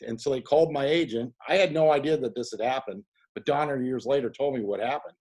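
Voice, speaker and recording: A man who is a guest actor on a video call, telling an anecdote in a casual, animated way. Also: mid-range voice, fairly quick. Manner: animated storyteller, acts out quoted voices.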